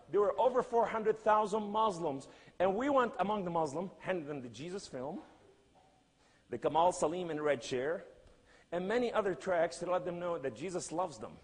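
A man preaching a sermon and telling a story in emphatic, non-native English, swinging between loud cries and hushed lines. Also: sits high, moderate pace, slightly rough, long reverb tail.

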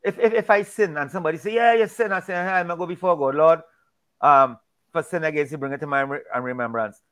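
A man's voice: a little high, fast talker, fairly bright tone. A man in a casual Bible discussion, talking emphatically and preachily, often repeating and restarting his words.

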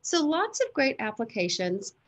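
A woman demonstrating classroom teaching methods, sounding out letters and switching into a bright voice she uses with children. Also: fairly high pitch, sing-song. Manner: slow, deliberate, modeling sounds to children. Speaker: teacher trainer. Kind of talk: instructional demonstration.

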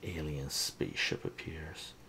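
A man reading a comic book aloud in a slow, lively manner, with quiet asides between the panels. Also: a bass voice, gravelly, background noise. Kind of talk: softly read comic narration.

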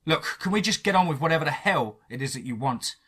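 A man's voice: fairly high pitch, big pitch swings, fairly quick, bright, forceful tone, breathy edge, pitched above the performer's own voice, heavily acted. A man voicing an angry, defiant young man, cornered in a horror story. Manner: defiant, heated.

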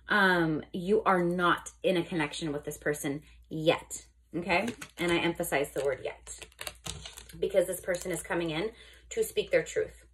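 Chatty husky-voiced woman reading tarot. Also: lowish voice. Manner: chatty, says "okay?" often, restarts and corrects herself. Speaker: tarot reader. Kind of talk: casual tarot reading to camera.

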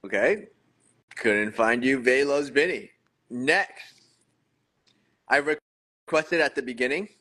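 A man hosting a casual livestream on his phone, playful and self-mocking, rambling with quick restarts as he talks to viewers. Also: medium pitch, sharp tone. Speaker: livestream host.

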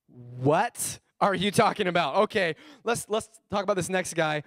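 A young man pastor preaching a sermon, animated and joking, acting out little voices, on a close mic. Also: high voice, moderate pace, dry recording.

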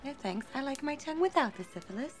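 A man's voice: very high-pitched, animated, quick pace, faint music behind, pitched above the performer's own voice. A man doing a catty, sneering young woman. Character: catty, bitchy young actress.

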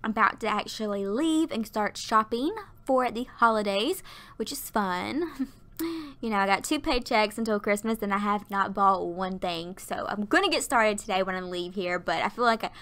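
A woman's voice: mid-range voice, normal speed, fairly bright tone. A woman in her twenties, tired and out of breath, chatting and laughing as she narrates a game build at her workplace. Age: 20s. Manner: chatty and rambling, laughs often. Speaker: YouTuber narrating a Sims build. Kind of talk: casual voiceover chat. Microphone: desktop USB mic.

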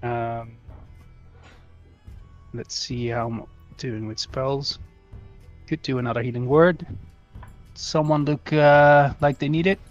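A man playing an online tabletop game, casually thinking out loud about his turn. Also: medium pitch, fairly even intonation, slow, long pauses, lo-fi sound, faint music behind. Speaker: player.

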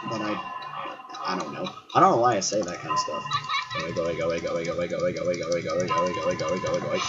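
Male gaming commentator, excitable and animated, dull lo-fi mic. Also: low voice. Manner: excitable, yells at the characters, swaps swears for silly words. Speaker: gaming YouTuber. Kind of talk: horror game commentary. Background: game music.

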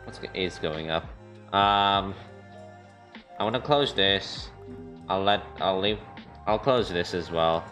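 A young man streaming a video game, chattering on with low-pitched, unhurried commentary. He gets excitable and trash-talks, repeating phrases, while faint music plays behind him.

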